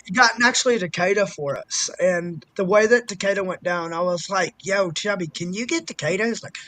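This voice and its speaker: A man with a high, bright-edged voice tells a rambling story on a live stream, swinging into loud quoted voices and cursing as he goes. The sound is dry and close, with no room in it. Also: a little fast, no echo. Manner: animated storytelling, swears freely. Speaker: guest storyteller. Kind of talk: casual chat on a live stream.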